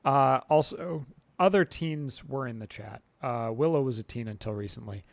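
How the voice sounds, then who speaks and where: A man's voice: mid-range voice, moderate pace, creaky, dry recording. A man hosting a casual livestream, rambling with many fillers and frequent chuckles. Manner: rambling, full of fillers and restarts, chuckling often. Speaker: channel host livestreaming to chat.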